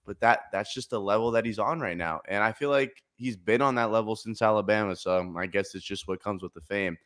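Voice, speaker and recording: A man in his twenties co-hosting a casual sports podcast, sarcastic and animated as he tells stories. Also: fairly low pitch, fairly quick. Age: 20s. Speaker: podcast co-host.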